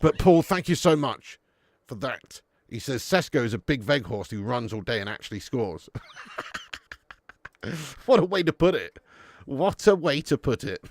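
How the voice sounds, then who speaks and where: An excitable man doing live fan commentary on a football match, swearing freely and chatting to viewers between plays. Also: medium pitch, moderate pace, long pauses, no room sound. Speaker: fan watch-along commentator.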